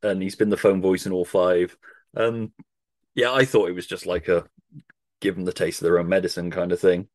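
A man's voice: sits low, flat delivery, moderate pace, dry recording. A man hosting a casual podcast chat about a horror film, eager and sweary, acting out lines from it. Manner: enthusiastic, swears, acts out quotes. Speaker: podcast host.

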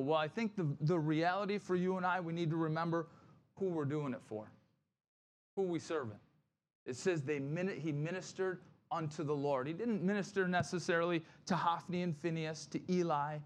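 A man's voice: fairly high pitch, moderate pace. A male pastor preaching a conversational sermon, often checking in with "right?" and acting out grumbling complainers in quoted asides.

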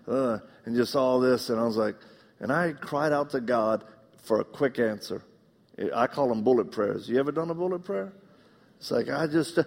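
A middle-aged man gives a live sermon in a church auditorium, his voice gravelly at medium pitch. He tells stories in an animated, joking way and acts out the people he quotes. The sound has the long reverb of a large hall. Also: moderate pace. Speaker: preacher.

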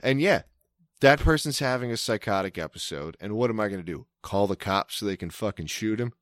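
A man from Maryland with a low-pitched voice tells a long story in loose, casual podcast chat. He swears freely and keeps restarting his sentences. The sound is dry and close, with no room echo. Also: animated, brisk, fairly bright tone. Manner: rambling, profane, self-interrupting.

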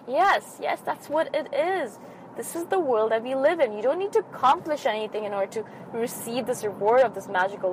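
A woman's voice: on the high side, poor audio. A woman hosting a podcast alone in her car, talking in an emphatic, heartfelt, repetitive way. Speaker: podcast host. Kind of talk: spontaneous motivational monologue. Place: inside a car. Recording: faint car cabin noise.

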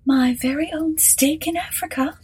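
A woman's voice: high-pitched, normal speed, darkish tone, pitched above the performer's own voice, close to an everyday voice, low-quality recording. A woman doing a bitter, hardened plantation mistress. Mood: brittle, bright.

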